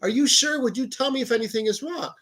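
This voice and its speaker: A man's voice: extremely high pitch, quick pace, a bit bright, a little hiss or hum, pitched above the performer's own voice. A man voicing a worried elderly grandmother who fusses over her grandson. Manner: fretful, fussing.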